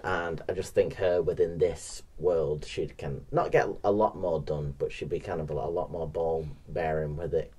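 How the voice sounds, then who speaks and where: A man's voice: a bass voice, fairly even intonation, moderate pace, hardly any pauses, a little mellow, slightly rough. A man co-hosting a film podcast, chatting casually and hesitantly with lots of fillers and laughs. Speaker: podcast co-host.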